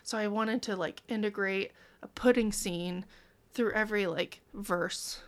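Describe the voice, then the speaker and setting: A woman's voice: mid-range voice, steady tone, a little slow. A woman in her thirties, a podcast guest in casual chat, bubbly, laughing often and acting out her own stories.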